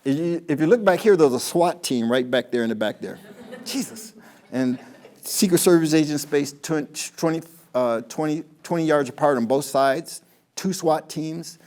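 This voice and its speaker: A man's voice: a little high, moderate pace, darkish tone. A man giving a motivational talk to an audience, telling jokey stories in a chatty way with many restarts. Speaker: motivational speaker.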